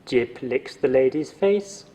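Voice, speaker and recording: A man's voice: medium pitch, animated, takes it slowly, mellow, long reverb tail. A man narrating a story from a script in a dry, wry manner.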